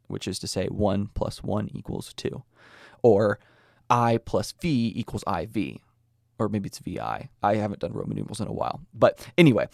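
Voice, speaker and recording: A young man from the United States talks through an argument in a steady, earnest way, dropping in casual asides. His voice sits low. The recording is dry and close, with no room sound. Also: gravelly, no echo. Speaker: podcast host. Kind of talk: scripted explanatory talk.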